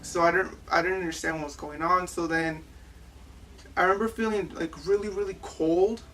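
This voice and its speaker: A young adult woman giving personal testimony as an interviewee, halting and full of "like" fillers. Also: fairly low pitch, fairly even intonation, a bit bright, faint music behind. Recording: distant mic with faint ambience.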